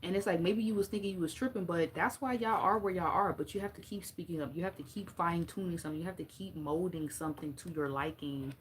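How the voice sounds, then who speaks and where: A woman's voice: lowish voice, fast, hardly any pauses, a little hiss or hum. Blunt, laughing woman tarot reader. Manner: blunt, profane and playful, laughing often. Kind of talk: casual tarot reading monologue.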